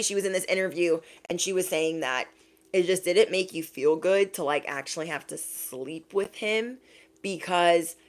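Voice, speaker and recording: A chatty woman with a slightly low voice gives a casual tarot reading straight to her listeners. She keeps slipping into quick, exaggerated voices for the people she describes. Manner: chatty, animated quoted voices, laughs at own jokes. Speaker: tarot reader.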